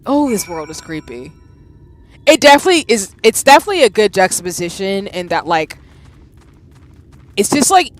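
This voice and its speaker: A woman in her thirties streaming a game live, reacting with loud exclamations and chatting with her viewers. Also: mid-range voice. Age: 30s.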